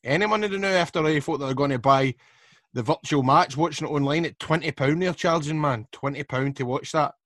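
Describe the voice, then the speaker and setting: A man's voice: fairly high pitch, fairly quick, fairly bright tone, no room sound, studio quality. A Scottish man co-hosting a football podcast, chatting in a laid-back, joking way. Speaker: podcast co-host. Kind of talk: casual football chat.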